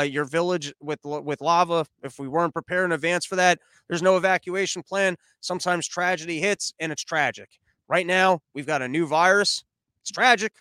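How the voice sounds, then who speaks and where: Male podcast host, argumentative commentary, slightly high voice, dry booth sound. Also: dry recording. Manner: animated, argumentative, acts out quoted officials. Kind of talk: political commentary monologue.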